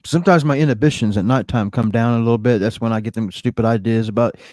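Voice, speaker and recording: A man's voice: mid-range voice, quick pace, darkish tone, no room sound. Man, casual co-host, laid-back and self-mocking, dry sound. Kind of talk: casual chat.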